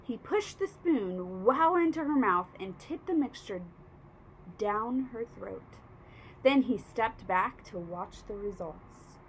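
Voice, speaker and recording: A woman reading a children's storybook aloud with expressive narration. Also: medium pitch, slow, a little hiss or hum. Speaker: reader.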